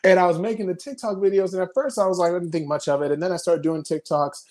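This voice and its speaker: A young man and video creator talking casually in an interview over a video call, telling frantic, animated stories full of swearing. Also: high-pitched, fast.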